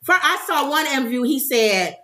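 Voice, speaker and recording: Woman co-host, high bright voice, animated storyteller, casual chat. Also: normal speed. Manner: animated storytelling, quoting others.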